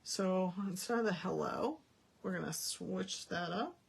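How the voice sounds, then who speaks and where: A woman's voice: fairly low pitch, unhurried, gravelly, slightly rough. A woman demonstrating card-making in a chatty, folksy way, thinking aloud as she works. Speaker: Stampin' Up demonstrator. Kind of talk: casual card-making demo.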